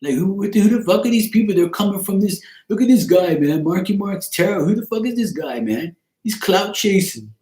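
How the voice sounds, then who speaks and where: A man's voice: high voice, expressive, fairly quick, few pauses, darkish tone, pitched above the performer's own voice. A man putting on the voice of an indignant, cursing, streetwise young male streamer. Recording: roomy echo.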